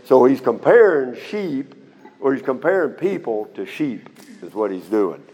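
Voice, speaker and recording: A man's voice: mid-range voice, big pitch swings, measured pace, a little mellow, muffled recording. A middle-aged man teaching the Bible in a folksy, conversational way, often checking in with "okay?". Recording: long hall reverb.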